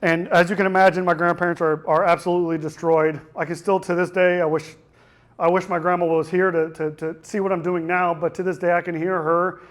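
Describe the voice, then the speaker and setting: Young guy with a high voice giving a keynote, raw emotional storytelling, stumbles and restarts a lot. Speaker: keynote speaker. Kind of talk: personal testimony speech. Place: conference hall.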